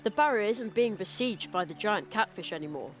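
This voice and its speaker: A woman's voice: mid-range voice, expressive, brisk, music in the background, natural voice. A woman voicing a curious, polite young boy apprentice magician in a video game, speaking with earnest wonder.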